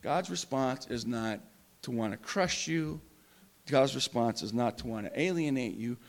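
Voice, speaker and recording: A man preaching a sermon with passion, swinging between loud emphasis and hushed, quiet moments. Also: mid-range voice, measured pace. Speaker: pastor.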